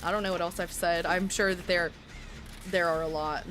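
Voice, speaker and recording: A woman's voice: on the low side, fairly even intonation, a bit bright, a little hiss or hum. Chatty young woman streamer, faint Southern lilt. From Texas. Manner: chatty, rambling, self-deprecating, quick asides to chat. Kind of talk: casual live-stream chat.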